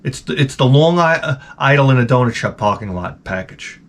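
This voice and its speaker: Brisk and animated, a mid-range-voiced channel host launches into a casual rant of comic stories. He rambles, curses freely and keeps cutting himself off mid-thought.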